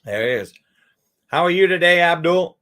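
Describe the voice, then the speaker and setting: A man's voice: on the high side, expressive, normal speed, fairly bright tone. A man hosting an online chat room, upbeat and affirming as he brings speakers up. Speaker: host. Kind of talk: casual chat in an audio room.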